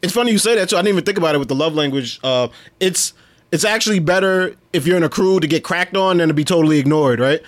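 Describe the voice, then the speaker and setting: Man co-host, slightly raised pitch, quick to laugh, easy slangy questions. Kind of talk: casual chat.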